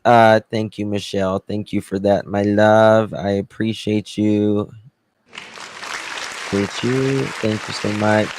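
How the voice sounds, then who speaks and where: Slow, drawling man chatting to viewers. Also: on the low side, little pitch movement, some chatter behind. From Southern US. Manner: chatty, warmly thanks viewers by name. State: tired. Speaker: livestream host. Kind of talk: casual livestream chat with viewers.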